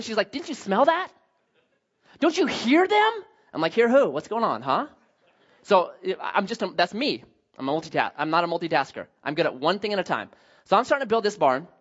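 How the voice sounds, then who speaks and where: A man in his thirties telling a personal family story as a sermon, animated and self-deprecating, acting out the voices of his family. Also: sits high, lo-fi sound.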